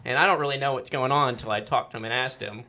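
A man's voice: medium pitch, rapid-fire, bright, forceful tone. A man co-hosting a casual podcast, chiming in to fill in a friend's story. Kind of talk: casual chat.

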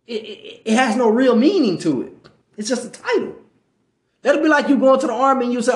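In a very high-pitched voice with lively intonation and a fairly quick pace, a man gives informal religious teaching on a podcast. He talks in slangy street speech, keeps asking "right?", and stumbles when reading aloud, all in a reverberant space.

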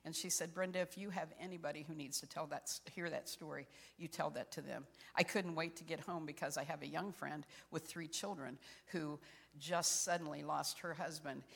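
A woman's voice: sits low, vocal fry, fairly bright tone. Older woman preaching in a reverberant sanctuary. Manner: earnest, personal storytelling with encouragement. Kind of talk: sermon. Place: church sanctuary.

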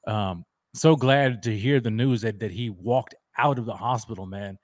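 A man's voice: on the low side, dry recording. Heated male co-host, casual sports chat, dry close sound. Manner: emotional, emphatic, quick to get heated.

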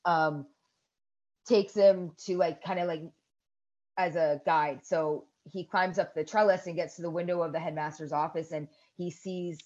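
A woman in her thirties co-hosting a podcast, casually retelling a movie scene by scene, swearing and shrieking the characters' yells. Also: on the low side, normal speed, lo-fi sound. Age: 30s. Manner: animated storytelling with loud shrieks and swearing. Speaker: podcast co-host. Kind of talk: casual chat recapping a movie.

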